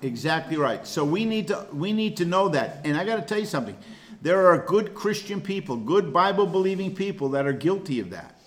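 A man's voice: on the high side, big pitch swings, brisk. A man teaching a casual Bible study class, talking earnestly and often repeating words while he gathers his thoughts.

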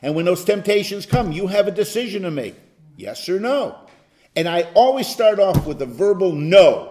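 A male pastor teaching an interactive Bible study, emphatic and animated, at times bursting into loud exclamations. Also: high-pitched, normal speed, a little hiss or hum.

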